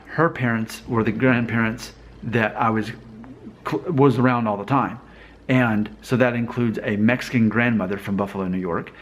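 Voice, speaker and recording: A man in his thirties from Alabama, vlogging in a casual, musing monologue, chatty and self-questioning. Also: medium pitch. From Alabama, US South. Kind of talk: casual talking-to-camera monologue.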